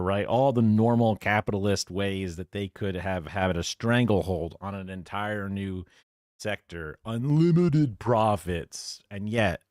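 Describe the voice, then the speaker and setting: A man chatting casually on a livestream, rambling along with filler words. His voice is low and dry, with no room sound. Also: no echo. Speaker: livestream host reacting to a video. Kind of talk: casual chat.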